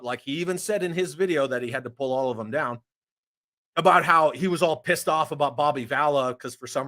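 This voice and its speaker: A man hosting a casual chat, reading viewer comments and ranting with lots of swearing. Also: a little high. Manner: profane, animated ranting. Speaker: host.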